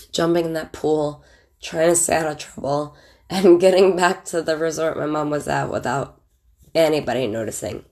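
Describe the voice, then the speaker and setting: Low gravelly woman telling stories. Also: darkish tone. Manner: chatty and candid, with frequent fillers and laughs. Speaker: vlogger. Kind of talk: casual storytelling, recalling childhood.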